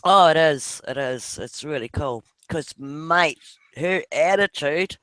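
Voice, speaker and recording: A New Zealand father talks about his kids in a casual video chat with a friend, often laughing and tossing in offhand swears. He speaks slowly in a smooth, fairly bright voice that's a little high, and there's no room sound.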